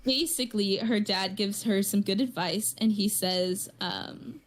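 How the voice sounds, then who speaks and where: A woman's voice: mid-range voice, measured pace, a crowd in the background. Rambling, chatty woman podcast co-host. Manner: rambling storytelling with many fillers. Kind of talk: casual chat.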